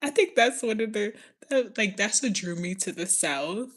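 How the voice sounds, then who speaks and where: A woman's voice: medium pitch, normal speed. A woman from the New York area hosting a casual chat, rambling with lots of fillers, laughing often and slipping into playful accent impressions. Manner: giggly and excitable, laughs often. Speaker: podcast host.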